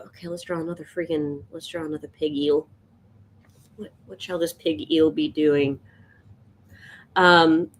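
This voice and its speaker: A woman's voice: sits low, slight background noise. A woman chatting casually and rambling while she sketches on a live stream. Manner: rambling, chatty, laughs often. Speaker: art streamer.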